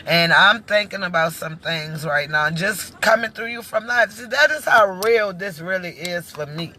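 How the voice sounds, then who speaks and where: A woman hosting her own live-stream talk show, talking heartfelt and preachy straight to her viewers, emotional, with halting restarts. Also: fairly low pitch, bright, forceful tone, a little hiss or hum.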